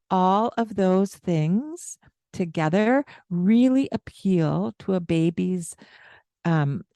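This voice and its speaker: A woman with a low, mellow voice talks slowly and calmly in a casual podcast chat. She explains parenting ideas. The sound is dry and close to the mic. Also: no room sound. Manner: explains calmly, demonstrates baby talk with high sing-song bits.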